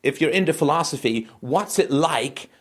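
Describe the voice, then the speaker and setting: Animated male call-in host. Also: on the high side, moderate pace, slightly rough. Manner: animated, conversational. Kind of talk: call-in talk.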